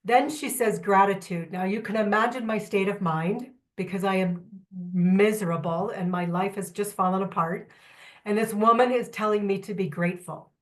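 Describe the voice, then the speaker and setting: Lively woman trainer addressing a room. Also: medium pitch, moderate pace. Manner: lively, candid, joking asides. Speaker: trainer presenting at a symposium. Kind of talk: workshop talk to a live audience.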